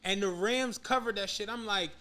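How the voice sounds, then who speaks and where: A man co-hosting a podcast, telling profane, animated stories in casual chat and acting out quotes. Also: sits high, normal speed, a crowd in the background. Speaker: podcast co-host.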